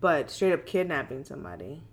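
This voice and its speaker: A woman's voice: sits low, very animated, brisk. A woman in casual chat who hesitates, restarts her sentences and laughs easily.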